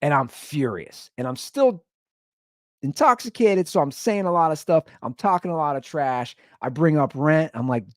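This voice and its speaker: Animated man telling a wild story. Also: fairly high pitch, normal speed, dry recording, studio quality. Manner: animated, acts out both sides of arguments. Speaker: comedy podcast host. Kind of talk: comedic storytelling rant.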